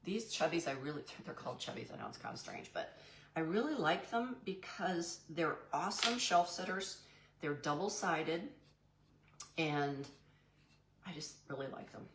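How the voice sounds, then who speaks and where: A woman's voice: low voice, lively intonation, normal speed, a bit bright, echoey room, a little hiss or hum. A woman hosting a live painting demo who chats in a goofy way with viewers and calls them "y'all". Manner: chatty and goofy, answers live chat by name. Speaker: craft live-stream host.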